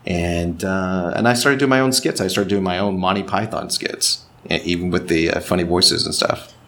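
Deep voiced guy from texas, voice actor, laid back and self-mocking. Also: moderate pace, gravelly, a bit bright. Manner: self-deprecating, slips into voice impressions. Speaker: voice actor and director. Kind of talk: relaxed interview chat.

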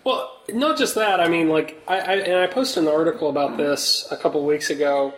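A man co-hosting a casual podcast, talking in an excitable, joking way. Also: on the high side, moderate pace, poor audio. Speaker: podcast co-host.

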